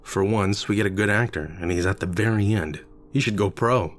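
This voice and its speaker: A man's voice: lowish voice, moderate pace, close to an everyday voice. A man voicing a laid-back, joking young friend in an offhand way.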